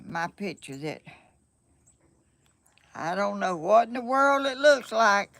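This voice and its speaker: Flustered older Southern woman, gravelly. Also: medium pitch, lively intonation, takes it slowly, a bit bright, no room sound. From Georgia, USA. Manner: chatty and flustered, laughs often. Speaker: vlogger. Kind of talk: casual live-stream chat. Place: home, sunny room.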